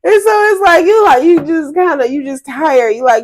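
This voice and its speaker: This spiritual reader's voice sits high and sounds animated, moving at normal speed with hardly any pauses. She delivers a casual, rambling, chatty reading to her viewers, laughing frequently and addressing them as y'all.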